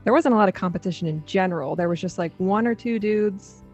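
A woman's voice: mid-range voice, fast talker, a little mellow, muffled recording, soft background music. A young adult woman co-hosting a podcast in casual chat, laughing often. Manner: chatty, laughs often, reads quotes aloud dramatically. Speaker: podcast co-host.

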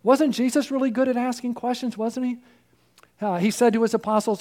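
Male pastor, high voice, hoarse and fading, earnest, rhetorical. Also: fairly even intonation, a little fast. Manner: earnest, rhetorical questions, swings from loud to hushed. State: losing his voice, throat clearing. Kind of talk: sermon.

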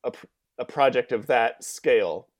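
A man's voice: medium pitch, moderate pace. A man co-hosting a podcast in casual chat, opinionated with dry asides. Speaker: podcast co-host.

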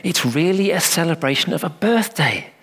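A fussy village vicar with a kindly, solicitous manner and a voice pitched well above a normal man's, as a preacher puts him on in a sermon story. He sounds prim and easily flustered, the gentle tone always close to prissy indignation. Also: expressive, moderate pace, husky. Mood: earnest.

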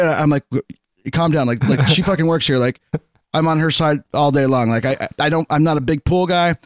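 A man's voice: on the high side, dry recording, clean studio sound. A man telling a story in casual chat, acting out what people said. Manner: fast, animated storyteller acting out quotes.

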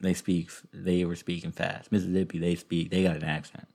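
Deep gravelly man, husky and rambling. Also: little pitch movement, normal speed, darkish tone. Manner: rambling, self-interrupting storyteller with frequent restarts. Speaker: podcast host. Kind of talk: casual podcast chat.

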